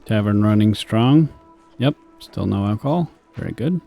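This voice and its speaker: A young man talks his way through a city-building game in a dry, deadpan ramble full of self-mocking asides. His voice sits a little low and sounds mellow and relaxed. Faint music plays behind him. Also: moderate pace, creaky. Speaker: gaming streamer. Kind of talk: rambling gameplay commentary.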